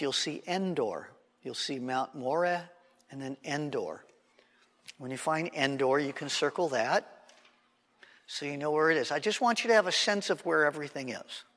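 Man teaching bible class, keeps asking "right?", slightly high voice, long hall echo. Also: lively intonation, normal speed, fairly bright tone. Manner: checks in with the class, frequent "right?".

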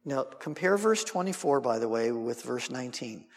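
A man's voice: medium pitch, lively intonation, normal speed. A male preacher teaching verse by verse through a Bible passage, acting out the dialogue and adding humorous asides. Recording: long reverb in a hall.

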